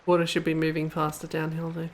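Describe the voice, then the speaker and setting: A woman's voice: deep voice, monotone, fast, a little hiss or hum. A young woman streaming a game, rambling and cracking self-amused jokes as she plays. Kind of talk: casual commentary while playing.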